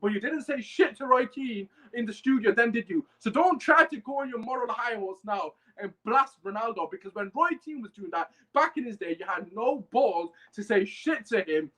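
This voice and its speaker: A man's voice: extremely high pitch, expressive, normal speed, hardly any pauses, bright, forceful tone, rough recording. A young man, hosting a live fan podcast and ranting heatedly while swearing and reading chat comments. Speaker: podcast host.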